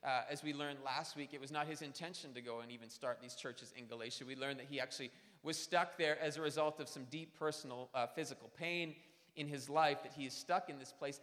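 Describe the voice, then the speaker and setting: In a church sanctuary filled with long hall reverb, a thirty-something pastor delivers his sermon like a conversation, weaving in stories and poking fun at himself. His voice sits on the high side with a fairly bright tone.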